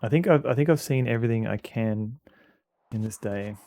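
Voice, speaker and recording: Creaky-voiced man chatting through a game. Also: medium pitch, moderate pace, warm tone. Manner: chatty, rambling, answers chat. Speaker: streamer. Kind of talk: casual gameplay commentary.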